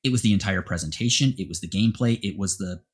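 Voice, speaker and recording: Male podcast host, husky and low-pitched, rambling casual chat. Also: fast talker. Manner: rambling, animated opinions.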